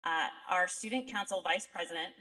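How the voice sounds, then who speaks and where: A woman's voice: lowish voice, brisk, pushed and bright, recorded from a distance, poor audio. A woman teacher speaking casually at a school ceremony, introducing the next speaker. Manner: chatty, informal, with fillers. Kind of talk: ceremony remarks.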